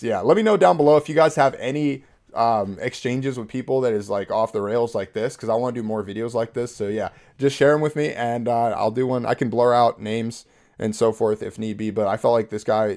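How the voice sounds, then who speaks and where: Gravelly young male vlogger, relaxed and chatty, laughs often. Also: medium pitch. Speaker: YouTube host. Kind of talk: casual commentary reading texts.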